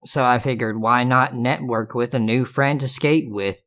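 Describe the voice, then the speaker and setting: A man's voice: mid-range voice, fairly even intonation, normal speed, few pauses, a bit bright. A male storyteller with a mid-range voice reads creepy true stories aloud. He keeps it casual and profane, with sarcastic asides. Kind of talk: reading true scary stories.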